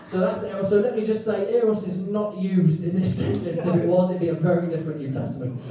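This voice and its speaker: A man with a Welsh accent preaching a sermon, telling the story lively with jokes and acted-out quotes, recorded in a church hall. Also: high voice, quick pace, a crowd in the background. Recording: echoey hall, mic at a distance.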